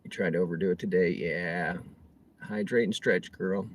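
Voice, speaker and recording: A man's voice: low-pitched, steady tone, moderate pace, slight background noise. A man livestreaming from his car while driving rideshare, chatting casually, reading viewers' comments aloud and talking to himself. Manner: chatty, reads chat aloud, talks to himself.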